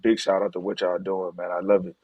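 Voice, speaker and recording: Speaking briskly with a flat delivery and a breathy edge, this man in his thirties sits low in pitch as he chats casually as a podcast guest. He's a former pro basketball player, relaxed in the interview, and the dry recording has its highs cut off.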